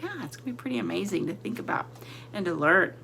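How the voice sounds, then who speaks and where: A woman teacher giving a slow, deliberate vocabulary lesson to young children, sounding out words letter by letter and sometimes dropping to a whisper. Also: mid-range voice, big pitch swings, creaky, bright, forceful tone, slight background noise.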